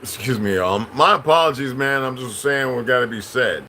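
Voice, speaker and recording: A man's voice: medium pitch, moderate pace, sharp tone, slight background noise, poor audio. A middle-aged man, a channel host, in a rambling, profane, preachy unscripted monologue.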